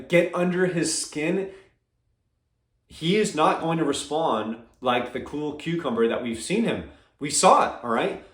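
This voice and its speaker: Emphatic man with a fairly high voice, echoey room. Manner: emphatic, repeats "all right?" and "okay?". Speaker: MMA commentator. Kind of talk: casual opinion commentary.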